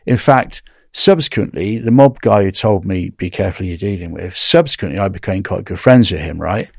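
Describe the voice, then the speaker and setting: Man telling prison stories, low dry voice. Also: fairly quick, creaky, no room sound. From England. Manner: rambling anecdotal, tag questions like "right?". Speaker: guest recounting prison time. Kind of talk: casual storytelling interview.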